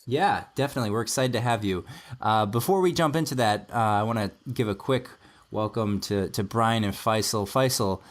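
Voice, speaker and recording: Low-voiced male podcast host. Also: moderate pace. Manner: friendly, introduces guests. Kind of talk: casual podcast hosting.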